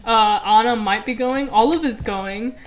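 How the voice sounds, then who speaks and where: A woman's voice: on the high side, a little slow. A woman co-hosting a live stream, chatty, with frequent swearing and restarts. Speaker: stream co-host. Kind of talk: casual live stream chat.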